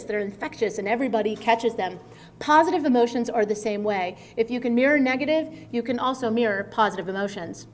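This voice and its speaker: A middle-aged woman speaking as a guest speaker at a conference, in a conversational, animated way. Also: on the high side. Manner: conversational, animated, acts out quotes. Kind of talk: conference talk. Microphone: microphone at a conference.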